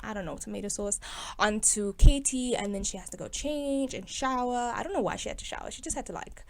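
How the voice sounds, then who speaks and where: A young woman with a somewhat high voice gives casual, sarcastic commentary on a movie. She talks chattily and breaks into laughs along the way. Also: brisk. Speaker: video host reviewing a film.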